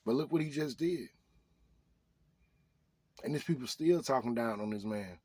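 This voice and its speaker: A man's voice: mid-range voice, animated, normal speed, a little mellow, slightly rough, dry recording. A man delivering a motivational rant to his viewers, hammering the same rhetorical questions again and again in slangy speech. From Arkansas. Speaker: vlogger.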